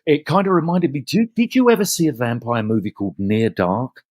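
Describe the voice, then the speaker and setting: A middle-aged man, chatting as an actor guest in a relaxed interview, often restarting his phrases. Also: medium pitch, brisk, no echo. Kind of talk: casual interview chat.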